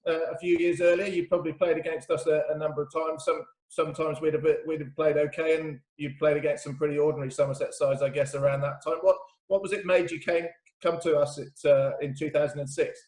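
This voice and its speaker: A man interviewing a guest, asking quick, friendly questions that stumble over repeated words. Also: a little high, fairly even intonation, darkish tone, echoey room. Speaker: club interviewer.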